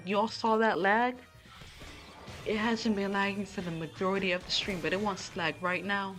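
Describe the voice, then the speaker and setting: A woman's voice: mid-range voice, fairly bright tone. A woman streamer playing a game live at home, chatting casually and talking to her viewers as she plays. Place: room at home.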